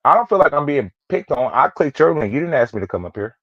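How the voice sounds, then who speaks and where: A man's voice: fairly high pitch, big pitch swings, fast, no room sound. A man from California, a guest on a live stream, telling a story in a laid-back way and laughing things off. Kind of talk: casual live stream chat. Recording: dull, lo-fi call-in audio.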